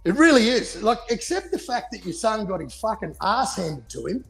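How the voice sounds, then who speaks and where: Gravelly, swearing man ranting. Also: high voice, sing-song, moderate pace, hardly any pauses, fairly bright tone, soft background music. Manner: profane, heated ranting. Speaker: podcast co-host. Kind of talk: casual boxing chat.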